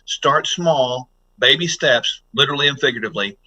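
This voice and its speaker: A man with a bright, forward voice guests on a podcast as a health doctor. He talks in an earnest, teacherly way and walks the listener step by step through simple exercises. His pitch sits in an ordinary middle range. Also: brisk, low-quality recording. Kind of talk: podcast interview.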